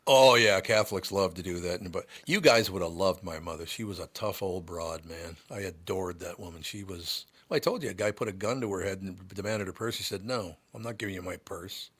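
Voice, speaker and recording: An older man hosting a show, telling stories in a rambling, gruff way with many restarts. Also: low-pitched, brisk, hardly any pauses, a bit bright. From United States. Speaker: radio host. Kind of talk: casual chat.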